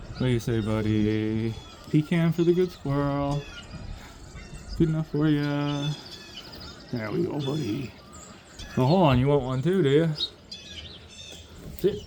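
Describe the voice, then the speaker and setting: A man's voice: medium pitch, a little hiss or hum. Man talking outdoors among birdsong. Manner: coos softly to animals, then rants about politics. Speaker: vlogger feeding squirrels and birds. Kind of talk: casual outdoor monologue. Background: birdsong and outdoor ambience.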